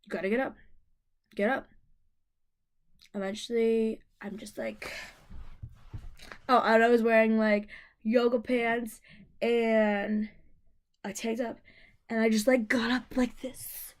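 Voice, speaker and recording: A woman's voice: fairly high pitch, little pitch movement, slow pace, long pauses. A young woman vlogger telling a personal story to camera, emotional and rambling, with many fillers and restarts.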